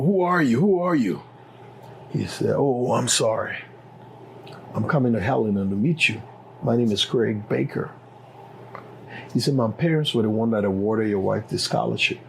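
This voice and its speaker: As an interview guest, this middle-aged Liberian-accented man shares his own story, animatedly performing the dialogue. His gravelly voice sits on the low side, and the rough recording has a little hiss or hum.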